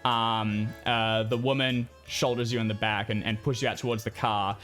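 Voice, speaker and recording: A man's voice: lowish voice, flat delivery, moderate pace, fairly bright tone, faint music behind. A man narrating a tabletop role-playing game as game master, in a loose, rambling way with many fillers.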